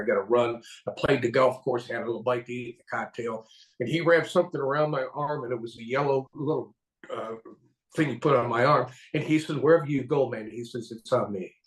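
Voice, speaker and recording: A man hosting a casual live stream, talking in a lively, folksy, enthusiastic way. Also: medium pitch, fairly quick. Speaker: host. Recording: echoey room.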